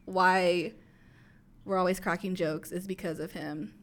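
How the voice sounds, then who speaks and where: A woman's voice: lowish voice, fairly even intonation, a little slow. A young woman co-hosting a podcast in casual chat, giggly and full of fillers. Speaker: podcast co-host.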